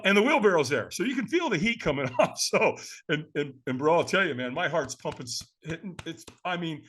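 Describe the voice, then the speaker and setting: A man in his seventies from California, a podcast guest telling a story in a lively way, often calling the listener "man.". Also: high-pitched, slightly rough. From California, USA. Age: 70s. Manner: lively, acts out quoted voices, says "man" often. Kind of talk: animated storytelling.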